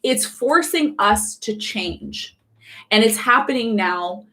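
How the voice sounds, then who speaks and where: A woman hosting a live astrology channel, talking quickly and with emphasis, repeating key phrases and putting questions to her viewers. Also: a little high, animated, pushed and bright. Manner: fast-talking. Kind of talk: live-streamed casual teaching.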